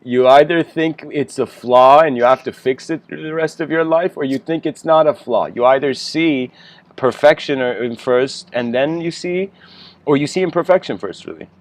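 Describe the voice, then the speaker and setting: A man giving a casual, rambling spiritual lecture, clearing his throat often and laughing between thoughts. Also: fairly high pitch, normal speed.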